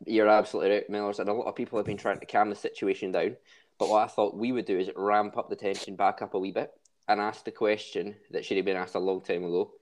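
A man's voice: fairly low pitch, level tone, quick pace. A man hosting a podcast in jokey, rambling casual chat. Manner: jokey, rambling, with false starts. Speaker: podcast host.

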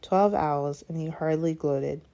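A cheeky, self-assured teenage wizard boy, voiced by a woman reading aloud. He sounds brash and easy, in a low, mellow voice, as in a storybook read aloud. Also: a little slow. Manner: brash, frowning.

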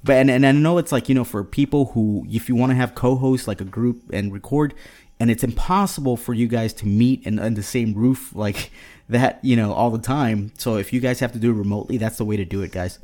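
A man's voice: mid-range voice, a little fast, a little mellow. A man in his thirties co-hosting a casual podcast, rambling with many restarts and fillers. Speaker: podcast co-host. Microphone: podcast mic at home.

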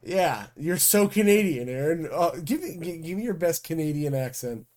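Chill joking podcast guy, warm low-key tone, swears a lot. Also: lively intonation, normal speed. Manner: joking, teasing, swears freely. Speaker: podcast co-host. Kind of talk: casual chat.

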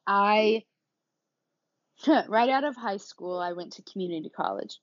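A woman's voice: medium pitch, lively intonation, unhurried, no echo, muffled recording. A woman with a Southern accent hosting her own podcast, talking in a casual, rambling way with frequent laughs and the odd curse word. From Kansas City area, USA. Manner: chatty and rambling, laughing often, cursing. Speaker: podcast host. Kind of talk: casual solo podcast talk.

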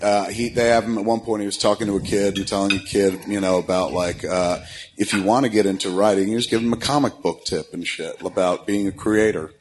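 A man with a lowish voice hosts a casual podcast chat, telling stories full of profanity and slipping into quick impressions of other people. A faint noise sits under the recording. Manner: profane, storytelling, animated impressions. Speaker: podcast host.

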